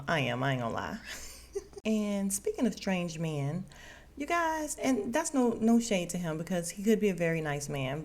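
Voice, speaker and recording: A young woman hosts a casual podcast recap with a chatty, animated delivery. She leans on slang and laughs often as she talks. Her voice sits fairly low for a woman. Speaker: podcast host.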